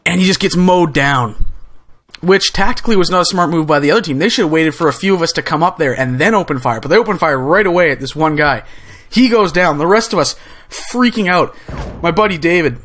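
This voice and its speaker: A young gaming channel host tells a story in a relaxed, casual way, growing more and more excited as he rambles. His voice is a little high and a little fast, and he keeps stumbling over fillers and restarting sentences.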